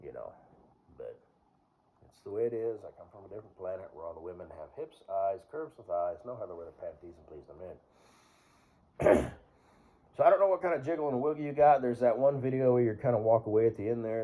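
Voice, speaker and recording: Low-voiced man rambling casually. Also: animated, a little fast, narrow, tinny audio. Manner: meandering, full of fillers and throat clearing. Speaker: vlogger.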